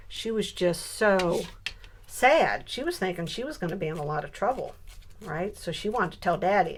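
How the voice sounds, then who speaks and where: A woman in her sixties telling a funny family story in a casual, animated way while she works on a scrapbook page. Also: mid-range voice. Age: 60s. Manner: animated storyteller who builds to punchlines. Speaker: scrapbooking crafter.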